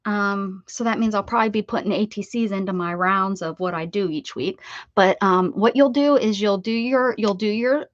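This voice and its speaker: A woman with an American accent hosts a casual craft livestream, rambling and greeting viewers from the live chat with sing-song repeats. Her mid-range voice moves at a normal speed, with no echo but the highs cut off.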